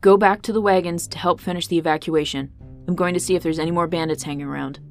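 A woman's voice: lowish voice, steady tone, fast, soft background music, close to an everyday voice. A woman voicing a brash young male warrior who scolds sharply, in a storybook podcast. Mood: brisk.

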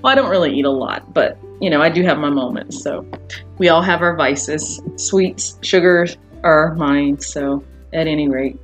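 Chatty woman with a lowish voice. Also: moderate pace, soft background music. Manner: chatty and rambling, with frequent laughs and fillers. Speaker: podcast host. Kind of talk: casual solo podcast chat.

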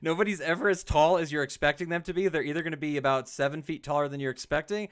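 A man's voice: a little high, fairly even intonation, fast talker, clean tone. A man hosting a casual roundtable podcast, upbeat and joking as he moderates the panel. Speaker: podcast host.

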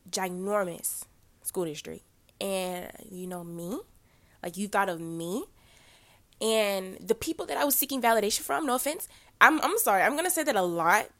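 A woman's voice: medium pitch, fairly bright tone. A teenage girl hosting her own podcast, a little congested, talking casually with many fillers and self-corrections. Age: teens. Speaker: podcast host.

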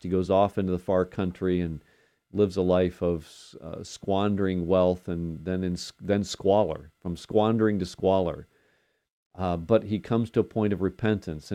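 Mellow, low-voiced older man preaching. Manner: unhurried, conversational, with frequent fillers. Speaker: devotional podcast host. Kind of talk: daily devotional sermon.

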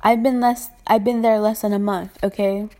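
A woman's voice: mid-range voice, fairly even intonation, normal speed, dark tone. A young woman who works in retail, venting casually with lots of swearing and filler words. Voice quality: self-described annoying voice. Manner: profane, exasperated venting with many fillers. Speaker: retail worker. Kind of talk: casual ranting vlog.

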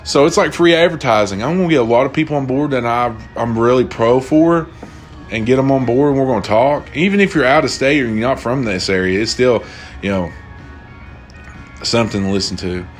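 A man's voice: medium pitch, fairly quick, soft background music. A young man hosting a casual solo podcast, rambling and swearing freely as he retells stories. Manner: profane, rambling, loose storytelling. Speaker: podcast host.

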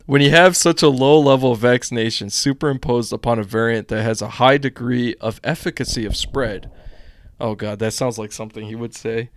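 A man's voice: mid-range voice, a little fast. A young man from the United States hosting a casual political live stream, reading news aloud with rambling chatty asides.

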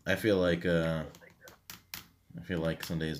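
A deep-voiced man rambling through casual podcast talk, full of ums and self-deprecating asides. A faint hiss sits behind him. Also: flat delivery, unhurried. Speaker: podcast co-host. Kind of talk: casual chat.

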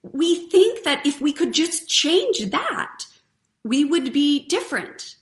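A woman's voice: high voice, sing-song, slow pace. A woman hosting a live stream, giving a casual, earnest motivational talk and chatting with viewers. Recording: roomy echo.

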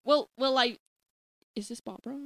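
A woman's voice: a little high, steady tone, moderate pace, vocal fry, fairly bright tone. A woman co-hosting a comedy podcast, riffing through playful improvised scenes and character voices. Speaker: podcast co-host.

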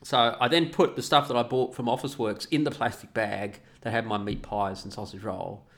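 A man's voice: mid-range voice, steady tone, fairly quick. A middle-aged man telling a story and ranting casually, swearing a lot. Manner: profane, ranting, mocking voices. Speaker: vlogger.

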